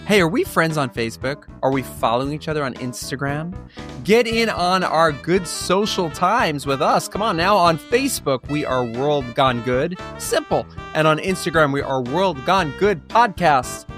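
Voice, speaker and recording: A man's voice: on the high side, expressive, normal speed, over music. A man hosting a podcast, speaking in a playful, jokey way with a musical bed underneath. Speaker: podcast host. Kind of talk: upbeat podcast intro. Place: London.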